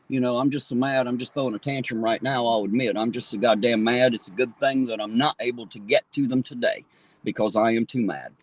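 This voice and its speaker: A man with a twang rants into his phone on a town street, swearing hard and sounding thoroughly fed up. His voice sits at an ordinary middle pitch. The sound is close and dry. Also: husky, no echo. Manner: swears heavily, indignant and fired up. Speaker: livestream host. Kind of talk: angry livestream rant.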